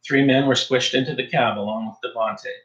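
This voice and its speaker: A man's voice: mid-range voice, steady tone, a little fast, fairly bright tone, muffled recording. Man narrating, roomy echo. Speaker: audiobook narrator. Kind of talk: scripted narration.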